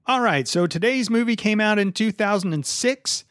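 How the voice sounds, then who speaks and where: A man's voice: high-pitched, animated, normal speed, a bit bright, no room sound, studio quality. Profane joking podcast host man. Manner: joking, profane, hosts movie segments. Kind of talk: casual podcast chat.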